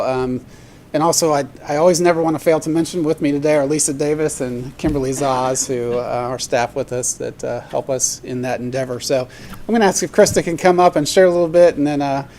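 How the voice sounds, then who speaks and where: A man on the staff of a county agency introduces a parent at a public board meeting. His delivery is hesitant and padded with fillers, at a middle pitch. A faint low rumble sits in the background. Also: fairly quick, darkish tone.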